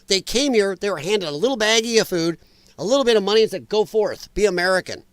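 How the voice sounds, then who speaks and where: A male livestream talk show host with a fairly high voice chats casually and bluntly, reading and answering viewers' comments, animated and quick to laugh. He's recorded close and dry, with no room sound or echo.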